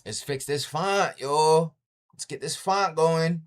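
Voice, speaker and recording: A man's voice: on the high side, slow, clear, resonant tone. A man livestreaming from home, telling stories in a loose, profane chat and tossing in "yo" constantly. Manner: profane, keeps saying "yo"; animated storytelling with sound effects. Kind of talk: casual live-stream chat.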